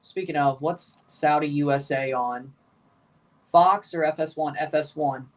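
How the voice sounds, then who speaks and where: A man's voice: fairly high pitch, a little slow. A man giving casual live commentary while watching a football match, talking through the play, answering viewers, and getting nervous near the end. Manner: chatty, nervous, calls out play as it happens. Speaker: streamer reacting to a live match.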